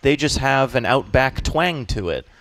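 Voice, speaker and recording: A man from Boston, a comedian guest in a casual radio interview, telling animated stories and acting out quick voices. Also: mid-range voice.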